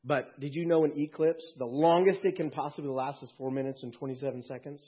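A man preaching a sermon to his congregation in a conversational way, with quick asides and jokes. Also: fairly high pitch, steady tone, slightly rough, highs cut off. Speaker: pastor.

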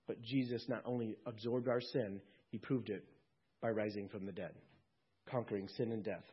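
A male pastor preaching an earnest sermon, his voice swelling and then dropping to a hush. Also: on the low side, fairly even intonation, moderate pace, breathy edge. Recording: dull lo-fi recording.

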